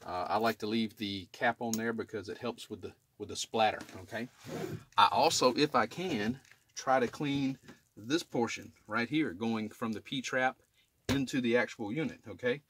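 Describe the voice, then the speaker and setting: In a residential attic, a middle-aged man who works in HVAC films himself clearing a drain line, explaining it at a moderate pace in a slightly bright, mid-range voice. There's a little background noise. His manner is plain and casual, and he keeps checking in with viewers by saying "okay?"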